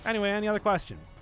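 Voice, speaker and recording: A man's voice: high voice, fairly bright tone. A man streaming a video game, chatting in a jokey, rambling way with his viewers. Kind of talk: casual gaming stream chat.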